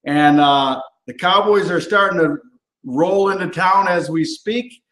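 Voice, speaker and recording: An upbeat man hosts his cooking show in a loose, rambling chat full of fillers and asides. His voice sits a bit high. It sounds roomy and echoey. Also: unhurried, a bit bright. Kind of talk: casual on-camera chat. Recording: roomy echo.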